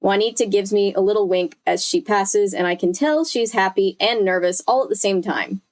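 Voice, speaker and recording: Young woman, casual live read-aloud, chatty, mid-pitched, fixes her own slips as she goes. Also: moderate pace. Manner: chatty, with self-corrections and asides to chat. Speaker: streamer reading a book aloud.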